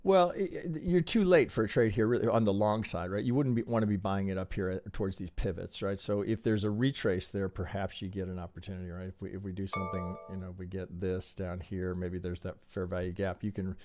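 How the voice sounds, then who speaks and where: This man, going through trading charts on a live stream, has a low voice and a brisk delivery with hardly any pauses. He sounds animated and rhetorical, often restarting and tacking on tag questions.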